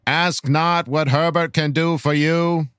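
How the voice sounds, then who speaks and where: A man's voice: a little high, fairly even intonation, slow pace, fairly bright tone, clear, resonant tone, no room sound. Upbeat podcast host man, dry close mic. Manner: reads listener messages aloud with mock-grand delivery. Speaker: podcast host reading listener questions. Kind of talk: casual fan podcast chat and dramatic reading.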